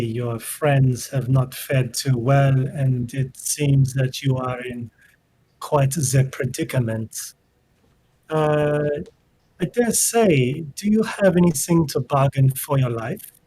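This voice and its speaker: A man's voice: mid-range voice, takes it slowly, dark tone, husky. A man voicing a coolly menacing, courtly wizard. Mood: haughty. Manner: formal, menacing politeness. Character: haughty, courteous male wizard.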